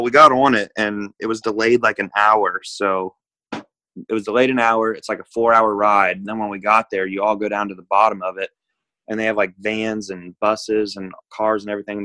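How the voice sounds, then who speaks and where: Casual american guy rambling through a travel story, lowish voice, dry close sound. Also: a bit bright, dry recording, rough recording. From United States. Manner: rambling, laid-back, lots of "like". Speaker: guest.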